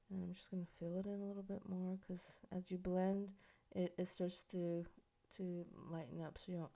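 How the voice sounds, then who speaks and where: A woman's voice: medium pitch, gravelly, dark tone. A woman makeup instructor giving a casual, chatty tutorial, explaining each step as she works on a model. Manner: chatty, explains while working, many fillers.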